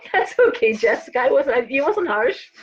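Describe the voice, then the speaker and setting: A middle-aged woman with a fairly high voice hosts a live tarot reading, chatty and rambling as she circles back over her points. She sounds tired, and the stream audio is dull and lo-fi. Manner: chatty, rambling, frequent restarts and asides. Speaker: host and tarot reader.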